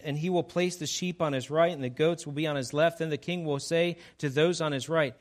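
A man's voice: a little high, fairly quick, hardly any pauses. A man preaching a sermon, who reads scripture and acts out its dialogue with playful humor. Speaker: pastor.

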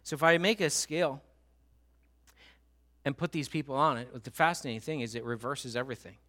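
A man preaching a sermon, moving from animated, loud passages to hushed, slow and intense appeals. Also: medium pitch. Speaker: pastor.

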